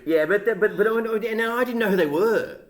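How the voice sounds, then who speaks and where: A man's voice: high voice, normal speed, reverberant. A man in his forties with an Australian accent, co-hosting a podcast and telling long rambling stories full of "right?" and other fillers. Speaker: podcast co-host. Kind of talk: casual chat.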